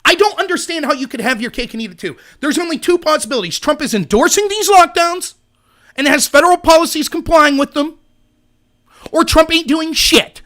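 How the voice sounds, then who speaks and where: A man's voice: very high-pitched, expressive, brisk, sharp tone. A man hosting a political livestream, ranting heatedly and sarcastically while arguing with viewers in his chat. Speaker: show host.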